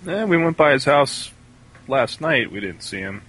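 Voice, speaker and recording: A man's voice: medium pitch, big pitch swings, normal speed, a bit bright, breathy edge. A man playing a tabletop game, talking casually and easygoing. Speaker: player.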